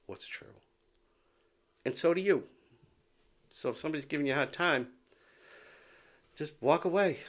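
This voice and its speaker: Gravelly man in his fifties vlogging. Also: mid-range voice, fairly bright tone. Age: 50s. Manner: rambling, repeats words, drops to whispers. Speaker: vlogger with Meniere's disease. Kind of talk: casual talk to camera.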